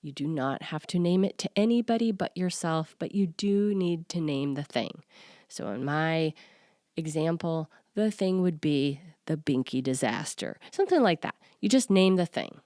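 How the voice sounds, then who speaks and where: Forties woman coach podcasting, low voice, confiding and earnest, dry close mic. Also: lively intonation, normal speed, dry recording. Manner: earnest, confiding, with soft laughs. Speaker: self-worth coach and podcast host. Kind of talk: personal solo podcast talk.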